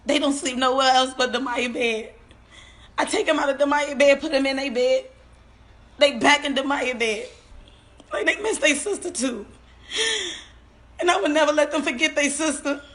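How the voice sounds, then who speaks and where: A bereaved mother giving an emotional personal account, tearful and halting, often repeating her words and trailing off. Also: high voice, fairly bright tone. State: tearful, on the verge of crying.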